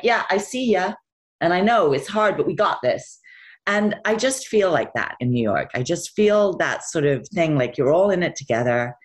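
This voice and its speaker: Animated, chatty woman telling stories. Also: deep voice. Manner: chatty, animated storytelling with laughs. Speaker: guest actress. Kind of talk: casual interview chat.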